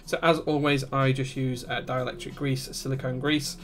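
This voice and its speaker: At a moderate pace and with little pitch movement, a man in a medium register guides viewers through a build on a live stream. He explains each step carefully and reads chat messages aloud as he answers them.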